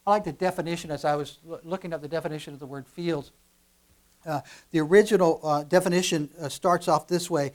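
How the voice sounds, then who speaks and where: A male pastor preaching a sermon, animated, moving from quiet asides to loud emphatic lines and repeating words as he restarts. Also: fairly high pitch, fast.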